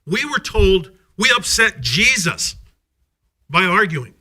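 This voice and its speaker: Angry man with a sharp voice. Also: high voice, very animated, takes it slowly. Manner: angry, accusatory, rhetorical. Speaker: public commenter. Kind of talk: public comment at a school board meeting.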